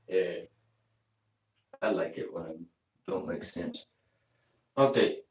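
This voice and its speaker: Male hobbyist talking through his train layout, slow and playful, lower voice, echoey room. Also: animated, a little mellow, far from the mic. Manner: playful, jokey asides and nonsense words. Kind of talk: casual running commentary while operating model trains.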